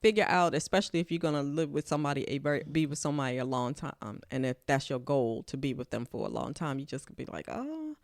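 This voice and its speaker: A woman chatting on a podcast in a blunt, plain-spoken way, with loud bursts of laughter. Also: extremely low pitch, fast, few pauses, no room sound, studio quality. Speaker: podcast co-host. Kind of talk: casual podcast chat.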